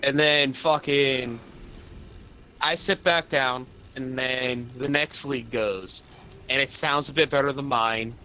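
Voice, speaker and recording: Profane young man venting, bright voice. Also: mid-range voice, fairly even intonation, slow pace, slight background noise. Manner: profane, rambling venting with lots of fillers. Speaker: streamer. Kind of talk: casual ranting chat.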